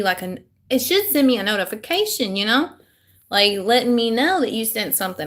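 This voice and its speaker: This tarot reader's voice is medium-pitched, pushed and bright as she chats with viewers during a live stream. Fixing her tech, she talks to herself and pokes fun at her own struggles with technology.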